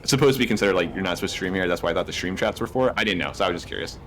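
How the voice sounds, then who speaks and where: Fast-talking man in voice chat. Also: sits low, lively intonation, a bit bright, a little hiss or hum. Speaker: voice chat participant. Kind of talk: casual voice chat.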